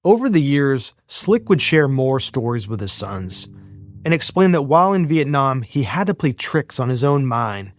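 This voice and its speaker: A man hosting a podcast, reading scripted narration in a measured, even way. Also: mid-range voice, no echo. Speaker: podcast host. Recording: faint music underneath.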